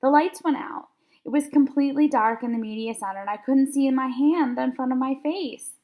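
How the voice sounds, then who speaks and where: A woman teacher reading a children's chapter book aloud, narrating with lively expression. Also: high-pitched, brisk.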